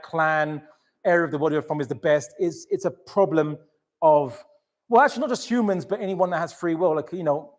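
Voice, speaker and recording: A man giving a lecture to an audience, animated and chatty, full of restarts and asides. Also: a little high. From England. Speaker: Islamic lecturer.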